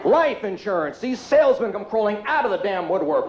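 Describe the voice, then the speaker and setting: Stand-up comic, male, brash and shouty, high lively voice; echoey club on lo-fi tape, roaring crowd. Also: brisk, few pauses, background noise. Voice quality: loud, brash delivery. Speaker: stand-up comedian. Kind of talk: stand-up comedy routine. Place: comedy club.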